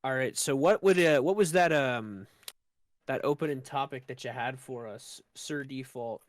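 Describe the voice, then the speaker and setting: A man's voice: mid-range voice, moderate pace. A young man co-hosting a casual podcast, rambling and stammering with playful teasing. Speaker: podcast co-host. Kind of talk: casual chat.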